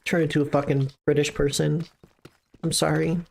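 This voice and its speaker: A young woman streaming a game live, chatting casually with her viewers, excitable and swearing, often jumping into high squeals. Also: moderate pace, vocal fry.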